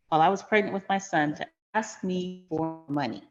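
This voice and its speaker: A woman's voice: on the low side, a little fast, dull audio, faint music behind. A middle-aged woman hosting a finance channel, telling a personal story in a frank, emphatic, conversational way.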